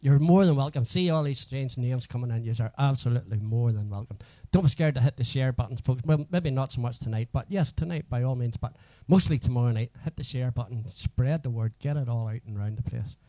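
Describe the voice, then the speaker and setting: A man's voice: mid-range voice, brisk, few pauses, dark tone, no echo. A man hosting a live music stream, chatting casually and greeting viewers one by one.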